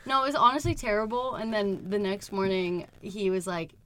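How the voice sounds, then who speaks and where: A woman's voice: mid-range voice, moderate pace, background noise. Young woman telling a rambling, profane story. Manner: rambling, frank and profane, laughing through her story. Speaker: podcast co-host. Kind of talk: casual storytelling chat.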